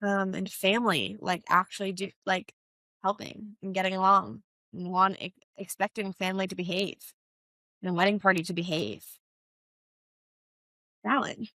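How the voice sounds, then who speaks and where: Brief: young woman planner-host, bright tone, dry close sound, filler-heavy casual chat. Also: mid-range voice, steady tone, moderate pace, long pauses, dry recording. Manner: chatty, many fillers like "um" and "like". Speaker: podcast host, wedding planner.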